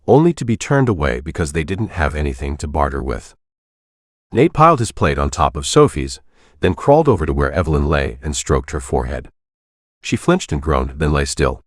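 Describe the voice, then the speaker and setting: A man narrating an audiobook in a steady, even reading voice on a close mic. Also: a bass voice, dry recording. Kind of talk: scripted narration.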